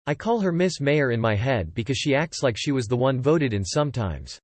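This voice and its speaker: A man narrating first-person stories in a plain, even reading style. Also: mid-range voice, a little fast, no echo. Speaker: story reader. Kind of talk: scripted narration.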